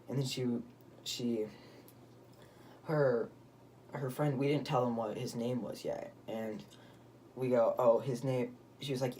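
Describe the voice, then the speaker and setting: A teenage boy recounting a story to his viewers in a loose, rambling way, full of fillers and restarts. His voice is dark and mellow, with a mid pitch. A faint hiss sits under the recording. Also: unhurried, recorded from a distance. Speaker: vlogger. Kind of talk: casual story time.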